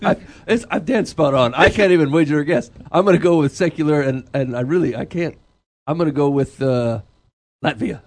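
A man's voice: on the high side, a little fast. A man bantering and laughing in casual podcast chat while keeping score. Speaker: podcast regular, points keeper.

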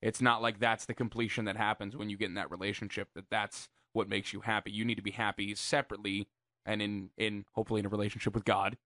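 Earnest guy talking quick, dry close mic. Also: on the low side, little pitch movement, bright, forceful tone, dry recording. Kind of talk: casual advice chat.

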